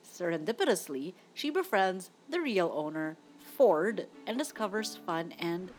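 A woman's voice: on the low side, big pitch swings, a little slow, faint music behind. A young woman hosting a casual movie-review podcast, chatty and opinionated. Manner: chatty, opinionated, laughs often. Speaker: podcast host.

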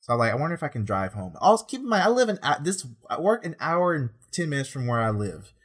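A young man, a prison officer, telling a rambling, exasperated story in casual chat with deadpan asides. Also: a little high, fast talker, slightly rough.

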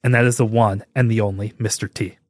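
A man in his forties hosting a podcast, rambling and joking with animated emphasis. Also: on the low side, fast talker, a little hiss or hum. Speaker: podcast host. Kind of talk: casual chat.

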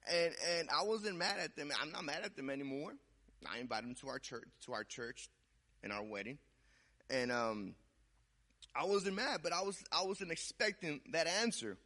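A young man preaching a sermon and sharing a personal testimony in a conversational way, repeating words and swinging from loud to hushed. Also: medium pitch, lively intonation, normal speed.

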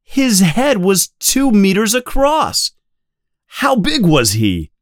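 A man voicing an excited male shark scientist who talks in a shrill, breathless rush. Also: extremely slow, dry recording, clean studio sound, heavily acted. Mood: thrilled.

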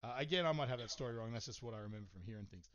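A man's voice: medium pitch, lively intonation, very fast, a bit bright. A man hosting a podcast, telling a story in casual chat, swearing and rambling with lots of fillers. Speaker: podcast host. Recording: slightly dull, muffled sound.

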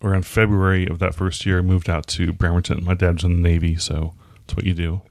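A man's voice: low voice, flat delivery, fairly quick, a little mellow, no echo. A man in his forties, a podcast guest chatting casually with dry jokes. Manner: dry, joking. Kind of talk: casual chat.

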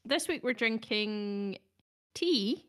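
A woman's voice: a little high, lively intonation, takes it slowly, fairly bright tone. A young adult woman, hosting a podcast in a casual, hesitant, self-deprecating way, with many ums. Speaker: podcast host. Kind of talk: casual chat.

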